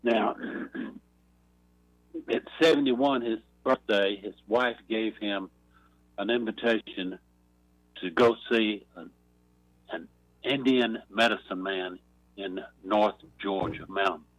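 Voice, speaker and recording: A man calling a talk radio show and slowly telling a long joke, clearing his throat along the way. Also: on the low side, dry recording, low-quality recording. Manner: slow rambling storyteller, clears throat. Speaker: caller.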